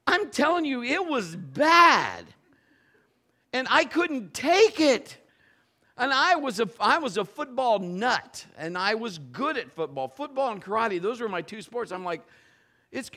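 A middle-aged man, a pastor, preaching a conversational sermon and telling stories in an animated way. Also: extremely high pitch, unhurried. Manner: animated, conversational, acts out quoted voices. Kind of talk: storytelling sermon.

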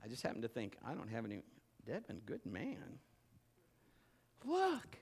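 A middle-aged man preaching a sermon in a church service, telling personal stories with loud bursts and quiet asides. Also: brisk, gravelly, a little hiss or hum. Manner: animated storytelling, swinging between loud bursts and low asides. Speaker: pastor.

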